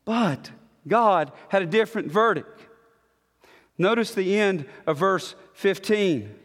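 A man preaching a sermon, building emphatic repeated declarations and then dropping to a hushed tone. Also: sits high, a little slow. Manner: emphatic, repetitive declarations, swings from loud to hushed. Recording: long hall reverb.

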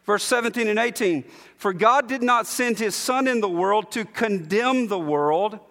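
A man preaching a sermon as pastor, emphatic, slowing down to stress repeated lines. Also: high-pitched, sharp tone, long reverb tail. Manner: emphatic preaching with slow, drawn-out repetitions.

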